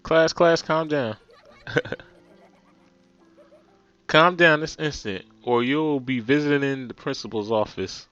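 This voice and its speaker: A man's voice: mid-range voice, slow, pauses often, a bit bright, highs cut off, soft background music. A man with a New Jersey accent voicing a stern, stuffy male schoolteacher in a pompous, scolding tone.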